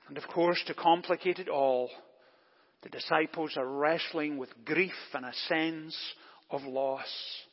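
A husky, high-voiced man delivers a deliberate, emphatic sermon from a church, pressing his points with rhetorical questions. His voice carries a long reverb off the church walls. The recording is dull and lo-fi. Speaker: pastor. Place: church during service.

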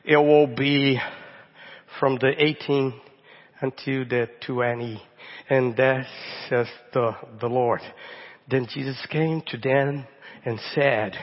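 A middle-aged man from Brazil with a Brazilian Portuguese accent, a native Portuguese speaker, preaching a sermon as a guest pastor. He talks warmly and haltingly, often repeating the first word of a phrase. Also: mid-range voice, fairly even intonation. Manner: warm, halting, repeats words at starts. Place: church sanctuary. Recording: dull audio in a long-reverb church hall.

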